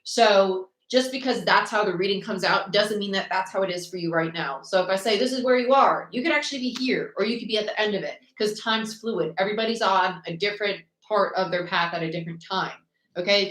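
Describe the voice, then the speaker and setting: A woman's voice: mid-range voice, a little fast, a bit bright. A young woman from New Jersey hosting a live tarot reading in a chatty, blunt, sarcastic way, swearing freely. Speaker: tarot reader, channel host. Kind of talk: live-streamed tarot reading, casual chat. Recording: echoey room.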